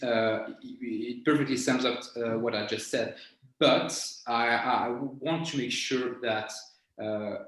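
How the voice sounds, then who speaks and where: A man's voice: mid-range voice, fairly bright tone. Man talking in a very echoey room. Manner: halting, searching for words. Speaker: guest mentalist. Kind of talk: conversational interview.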